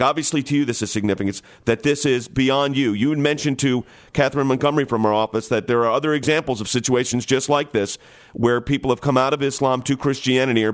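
A man hosting a radio call-in talk show, making urgent, emphatic appeals to his listeners. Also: medium pitch.

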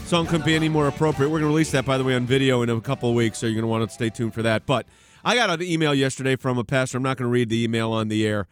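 A man's voice: mid-range voice, rapid-fire, over music. A man hosting a talk radio show and taking callers, talking in an emphatic, sometimes sarcastic way.

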